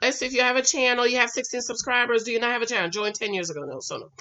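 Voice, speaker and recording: A woman's voice: fairly high pitch, fairly even intonation, rapid-fire, bright, forceful tone, dull audio. A woman hosting a live reaction stream who reads viewer comments aloud and answers them in an emphatic, sassy way. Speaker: YouTube reaction host.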